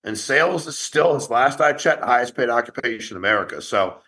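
In an online meeting, a man who founded the company delivers a rapid-fire, challenging motivational talk to his sales agents, blunt and full of profanity. His medium-pitched voice is animated with a sharp tone.

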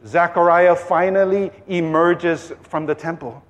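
A man's voice: fairly high pitch, fairly even intonation, a little slow, dull audio. A male pastor preaching a sermon in a playful storytelling manner.

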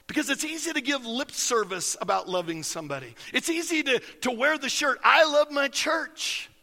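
A man's voice: extremely high pitch, very animated, a little fast, vocal fry, bright, forceful tone, big-room sound. A man preaching a sermon as pastor, folksy and emphatic, telling stories to his congregation.

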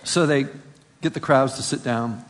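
A man's voice: medium pitch, measured pace. A man preaching a sermon. He reads scripture aloud, then explains it conversationally and asks rhetorical questions. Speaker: pastor. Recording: long reverb of a large hall.

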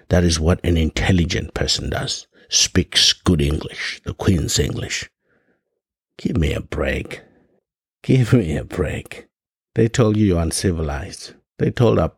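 A man's voice: sits low, vocal fry, husky, no room sound, clean studio sound. A man from Africa giving an impassioned monologue, firing off rhetorical questions and stumbling over frequent restarts. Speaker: podcast host.

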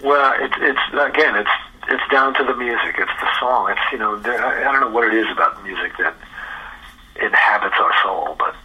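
An older male musician, a guest on a radio interview, telling animated anecdotes, acting out the dialogue, swearing and laughing as he goes. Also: mid-range voice, normal speed, slight background noise, poor audio. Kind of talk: storytelling interview chat.

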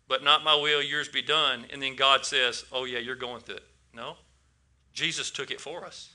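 A man's voice: medium pitch, moderate pace, pushed and bright. A man preaching a casual sermon to a congregation, asking them questions and often repeating his words.

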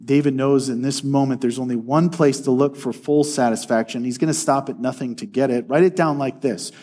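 A man preaching a sermon in an earnest way, slowing down to read scripture aloud. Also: medium pitch, fairly even intonation, mellow.

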